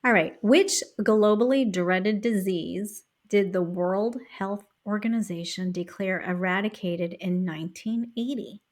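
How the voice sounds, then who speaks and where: Relaxed middle-aged woman reading trivia. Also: medium pitch. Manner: relaxed, chuckling, reads questions slowly. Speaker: podcast co-host, trivia reader. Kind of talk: casual podcast chat.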